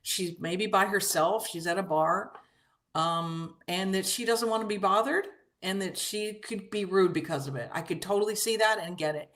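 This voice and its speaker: A woman's voice: mid-range voice, normal speed, a bit bright. A woman in casual conversation, speaking reflectively and hesitantly, often restarting her sentences.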